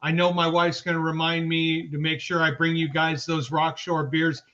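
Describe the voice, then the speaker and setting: A man's voice: a little high, little pitch movement, moderate pace. A man co-hosting a sports podcast, reading out viewers' chat names one by one in a casual, upbeat way. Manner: upbeat, shouting out viewers by name. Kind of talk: casual live-stream chat. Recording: dull lo-fi stream audio.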